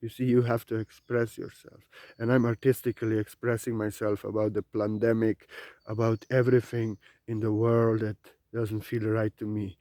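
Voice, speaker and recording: A man giving an unscripted spiritual talk, repeating his points, pressing them loudly and then dropping to quiet musing. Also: fairly low pitch, flat delivery, moderate pace, no room sound. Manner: emphatic and repetitive, swinging between loud urging and quiet musing. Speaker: spiritual teacher.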